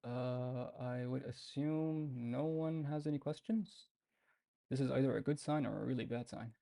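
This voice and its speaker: A man leads a live online beginner class over a computer mic, talking in a relaxed, informal way and repeating example words patiently. His voice is low and gravelly, with a dark tone. The sound is dry and close. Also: moderate pace, no room sound. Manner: relaxed and informal, with fillers and restarts. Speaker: Arabic teacher. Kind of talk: live online language lesson.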